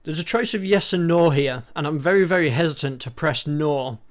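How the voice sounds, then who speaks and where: Man, gaming commentary, sarcastic, deadpan, sweary, slightly high voice. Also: brisk. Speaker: gaming channel host. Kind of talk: let's play commentary.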